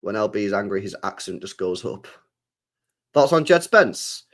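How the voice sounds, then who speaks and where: A man's voice: on the low side, very animated, moderate pace, a bit bright. A young man streaming live, reading chat and answering in a slangy, laid-back way, repeating himself and swearing freely.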